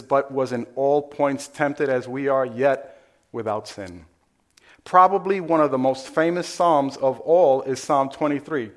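A pastor in church preaches a sermon conversationally, asking the congregation questions as he goes. His voice is a little high.

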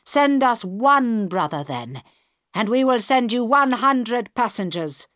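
A woman reading the part of a male hijacker speaking over a radio, slow, loud and menacing. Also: a little high, big pitch swings, no room sound, studio quality, voice pushed up, full character voice.

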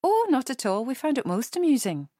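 A small, stylish old woman with an Edinburgh accent, voiced by a woman reading a novel aloud. She teases brightly and sounds amused. The voice is close and dry, with no room sound around it. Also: high voice, sing-song, a little fast, no echo, voice pushed up. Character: elderly Scottish woman, small, stylish, teasing.

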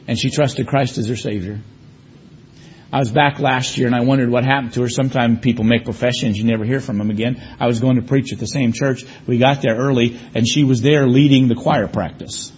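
A man's voice: medium pitch, fairly quick, darkish tone, dull audio, slight background noise. A man preaching a sermon, telling personal stories with emphatic, varied delivery. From United States.

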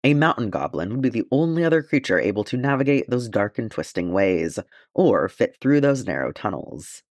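A man's voice: medium pitch, sing-song, normal speed, no room sound, clean studio sound, lightly acted. A man reading the part of a courteous, stalwart male dwarf warrior in an audiobook, in formal, gallant speech.

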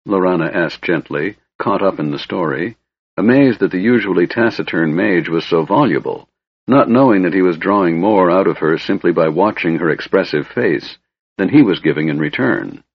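A man narrating a fantasy audiobook in a measured, even storytelling manner, on a dull lo-fi recording. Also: sits low, breathy edge, dry recording.

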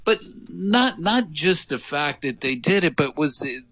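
A sports reporter calling in to a radio show, telling a story animatedly with lots of restarts. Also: male voice, a little high, animated, a little slow, fairly bright tone, no room sound. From United States. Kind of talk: casual radio phone chat. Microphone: phone line.

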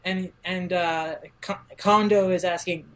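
A man's voice: sits high, steady tone, a little slow, fairly bright tone. A young man co-hosting a podcast, casually recapping a manga chapter and slipping into playful character voices. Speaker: podcast co-host.

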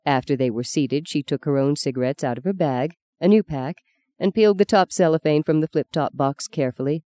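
An audiobook narrator reading a novel in a measured, even storytelling manner. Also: mid-range voice, clean tone, no room sound.

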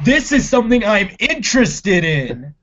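A man's voice: high voice, big pitch swings, moderate pace, fairly bright tone. Laid-back swearing man, lo-fi recording. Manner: laid-back, swears freely, laughs often. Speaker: podcast co-host. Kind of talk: casual chat about comedy films. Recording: lo-fi dull audio.

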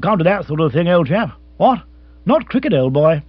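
A man reading an audiobook, voicing blustering old clubmen who talk in a loud, pompous, scornful way. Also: fairly high pitch, very animated, normal speed, husky, no echo, muffled recording.

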